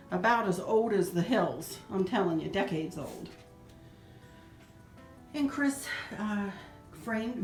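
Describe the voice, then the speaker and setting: A middle-aged woman giving a chatty, sentimental home decor tour with soft laughs. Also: medium pitch. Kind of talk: casual home tour narration. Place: indoors in a house. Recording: roomy echo, faint music.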